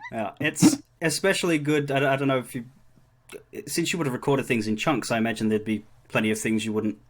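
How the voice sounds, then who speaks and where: An enthusiastic man hosting a live interview on his stream, chatty and quick to laugh as he lines up his questions. His voice sits at an ordinary middle pitch. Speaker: host, streamer.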